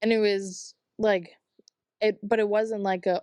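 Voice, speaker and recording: A woman's voice: mid-range voice, steady tone, slow, darkish tone, no room sound. A woman who works with clients, telling stories animatedly in a candid podcast chat and swearing freely. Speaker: coach working with clients.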